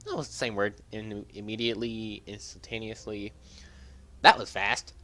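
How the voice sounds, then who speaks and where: A man's voice: fairly low pitch, fairly even intonation, moderate pace, sharp tone. A man playing a story game, chatting casually between read lines. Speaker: game player. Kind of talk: let's play commentary and reading.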